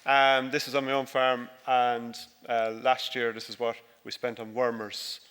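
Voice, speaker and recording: Talking a little slowly in a completely flat, medium-pitched voice that is fairly bright and smooth, this dairy farmer presents his farm with slides. He's jokey and self-mocking, his words echoing through a large hall.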